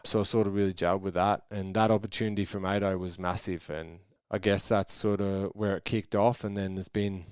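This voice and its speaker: A man's voice: low-pitched, steady tone, a little fast, hardly any pauses, darkish tone, clear, resonant tone, dry recording, studio quality. A man in his thirties with an Australian accent, a guest telling long rambling stories in a casual podcast interview and acting out what people said. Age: 30s. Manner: rambling storytelling with voiced quotes. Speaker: guest, track builder.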